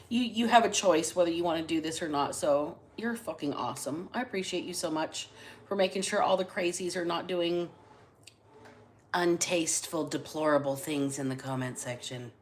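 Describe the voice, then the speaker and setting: A woman's voice: fairly low pitch, poor audio. A woman hosting a casual tarot-reading livestream, chatting bluntly and swearing freely. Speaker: tarot reader and livestream host.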